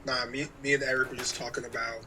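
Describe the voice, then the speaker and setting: Bright-voiced laid-back male co-host. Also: medium pitch, flat delivery, fast, slight background noise, rough recording. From New York. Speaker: podcast co-host. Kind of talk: casual chat. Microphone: remote call mic.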